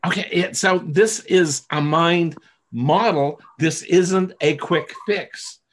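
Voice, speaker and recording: Male webinar coach, slightly high voice, patient explainer who keeps checking in, video call audio. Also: slow pace. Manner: explains patiently, checks in with listeners, many restarts. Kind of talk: live online teaching session. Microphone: video call microphone.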